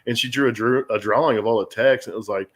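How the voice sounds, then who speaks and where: A man's voice: medium pitch, fast talker. A middle-aged man chatting casually on a podcast, candid and self-deprecating, rambling with frequent restarts. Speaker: guest.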